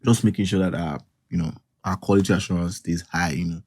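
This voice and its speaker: A man's voice: deep voice, fairly even intonation, fast talker, darkish tone, slightly rough, dry recording, clean studio sound. A man with a Nigerian accent, co-hosting a podcast in joking, Pidgin-laced banter. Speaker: podcast co-host. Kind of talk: casual banter.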